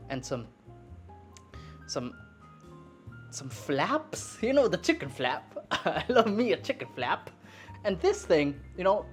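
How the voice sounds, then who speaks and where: A woman chatting casually as she cooks in her home kitchen, playful and talkative. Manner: playful, chatty, swoops up in pitch for emphasis. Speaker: cooking vlogger. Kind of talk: casual cooking chat.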